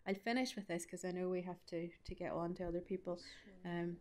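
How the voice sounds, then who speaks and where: A woman's voice: on the low side, flat delivery, a little fast, mellow. A woman with a Northern Irish Ballymena accent, an author answering questions at a study day in a chatty, self-deprecating way with lots of asides. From Northern Ireland. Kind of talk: conversational Q&A answer.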